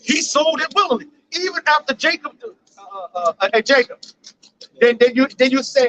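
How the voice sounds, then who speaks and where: A man's voice: extremely high pitch, animated, normal speed, fairly bright tone, rough recording. A man teaching a Bible study in street slang, profane and playful, often telling the reader to go ahead.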